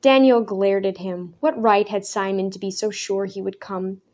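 A woman reading a story aloud in a measured, even narration. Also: medium pitch. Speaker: audiobook narrator. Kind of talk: scripted narration.

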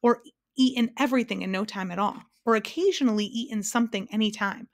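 A woman's voice: mid-range voice, fast talker, no echo, voice pushed up, lightly acted. A woman voicing a pompous, fussy male humbug insect in a storybook read-aloud, speaking in a grand, wordy way.

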